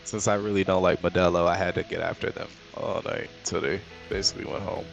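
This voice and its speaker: A man's voice: low voice, flat delivery, quick pace, creaky, lo-fi sound, faint music behind. A young man hosting a casual trading livestream, joking loosely and swearing as he talks. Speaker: livestream host and trader.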